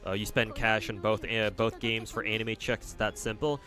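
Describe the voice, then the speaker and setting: A man with a somewhat low voice talks through a game stream in a loose, rambling way, answering chat bluntly and swearing without a second thought. Faint game music sits quietly underneath his voice. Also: fairly even intonation, moderate pace. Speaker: livestreamer. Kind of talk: casual commentary while playing and reading chat.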